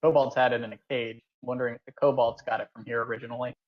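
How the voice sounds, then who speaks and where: A man's voice: medium pitch, little pitch movement, rapid-fire. A man playing a tabletop game, dry and matter-of-fact as he reasons things through. His voice comes through dull, lo-fi call audio. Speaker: player.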